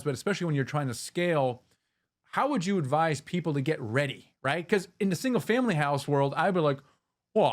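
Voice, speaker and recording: Fast-talking male interview host. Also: a little high. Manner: energetic, talks in long run-on explanations with restarts. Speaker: podcast host interviewing an investor. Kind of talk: conversational interview.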